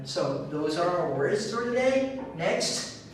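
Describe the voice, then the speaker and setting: A man teaching an online English lesson, speaking slowly and clearly and drilling the pronunciation of words one at a time. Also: high-pitched, big pitch swings, heavy reverb, recorded from a distance, slight background noise, low-quality recording. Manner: slow and clear, drilling words with a repeated stress.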